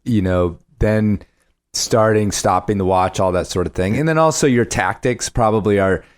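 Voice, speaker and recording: In studio-quality audio free of room sound, a podcast host conducts a casual interview. His questions run long and rambling, full of fillers and restarts, delivered in a smooth, fairly low voice at a moderate pace.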